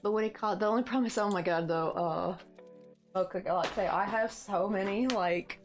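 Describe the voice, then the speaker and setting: A woman's voice: medium pitch, fairly quick, soft background music. A woman from the States with a Southern American accent, chatting casually on a live stream while she crochets, rambling and reading out chat comments. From United States.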